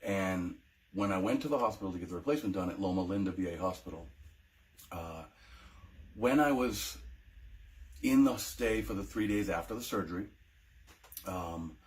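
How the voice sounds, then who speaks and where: With a low voice at normal speed, a U.S. veteran recounts his personal story for a testimony vlog. He's emotional and hesitant, leaving long pauses and filling his speech with ums and false starts.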